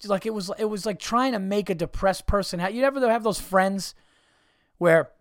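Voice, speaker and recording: A man's voice: high-pitched, normal speed, no room sound, studio quality. A man hosting a podcast, telling a comic story in an exasperated, profane, mocking way. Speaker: podcast host.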